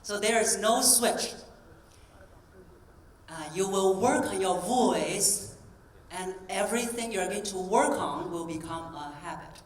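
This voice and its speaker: A woman's voice: medium pitch, slow, pauses often. A woman voice coach delivers a keynote to a convention crowd, demonstrating and asking the audience questions. She is recorded from a distance in a large hall, so her voice carries a roomy echo. A faint ambient hiss sits underneath. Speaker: voice coach and speaker.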